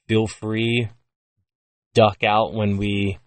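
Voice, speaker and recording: A man co-hosting a horror movie podcast, with a lowish voice and an easygoing, chatty delivery full of ums and little laughs. The sound is dry and close, with almost no room around it. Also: drawn-out words, dry recording, recorded from a distance. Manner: relaxed, chatty with fillers and laughs. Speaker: podcast co-host. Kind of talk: casual movie review chat.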